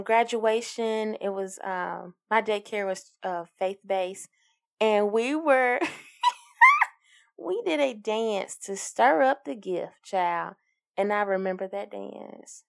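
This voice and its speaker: Woman, twenties, slightly high voice, podcast host, upbeat, encouraging, giggly. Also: a bit bright. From Alabama, US. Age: 20s. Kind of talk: casual solo podcast monologue.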